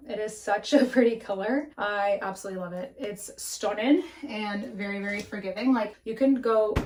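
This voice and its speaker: A woman's voice: medium pitch, darkish tone, a little hiss or hum. A young woman talks through her makeup routine in front of a mirror at home, frank and chatty, with swearing dropped in casually. Her breathing runs a little heavy, and the camera mic picks it up. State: breathing heavily. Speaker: beauty vlogger. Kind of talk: casual makeup tutorial chat.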